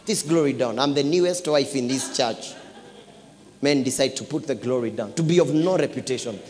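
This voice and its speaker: A man preaching a sermon in a church, swinging from hushed asides to loud exclamations and repeating phrases. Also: medium pitch, normal speed. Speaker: pastor. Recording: echoey church hall.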